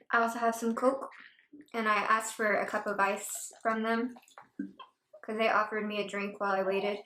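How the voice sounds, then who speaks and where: A woman's voice: on the high side, fairly bright tone. Chatty woman eating on camera, echoey room. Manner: chatty, rambling, mouth-full murmurs of enjoyment. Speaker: mukbang vlogger. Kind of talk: casual eating chat. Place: at home. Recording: echoey room with faint noise.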